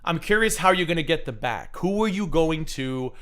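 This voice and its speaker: Animated, bright-voiced man gossiping sarcastically. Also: fairly high pitch, moderate pace. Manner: sarcastic, mocking asides. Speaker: livestream host. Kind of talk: casual drama commentary.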